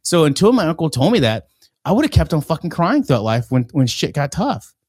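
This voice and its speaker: A man's voice: a little high, sing-song, brisk, darkish tone, breathy edge, no echo, clean studio sound. A man on a casual podcast, telling long rambling stories full of profanity.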